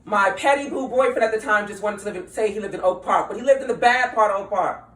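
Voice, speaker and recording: A political speaker delivers an impassioned yet conversational speech, full of slang and frequent laughter. The voice is mid-range and fairly bright, and the delivery is fast. The mic sounds distant in a roomy space, with faint ambience behind it.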